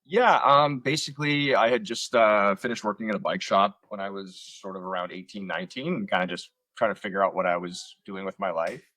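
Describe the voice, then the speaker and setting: A low-voiced man with a husky grain speaks over a computer call from a room at home. He tells rambling, self-mocking stories about starting out as an actor and keeps them loose with plenty of fillers. The sound is close and dry, with no room around it. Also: brisk, hardly any pauses, pushed and bright, no room sound. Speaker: actor guest. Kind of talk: casual interview storytelling. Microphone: computer on video call.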